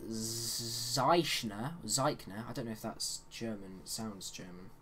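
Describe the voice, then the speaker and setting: A man's voice: lowish voice, steady tone, fairly quick, crowd noise. A man giving casual, chatty commentary on a horror game while he plays, with joking asides. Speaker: let's play host.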